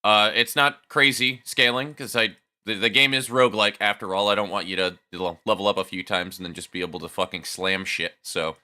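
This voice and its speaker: Male game-dev streamer, low voice with a piercing bright edge, loose and profane. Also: fairly even intonation, brisk, hardly any pauses, smooth. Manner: loose, swears freely, talks to chat. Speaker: game developer live streamer. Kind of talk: casual live stream chat.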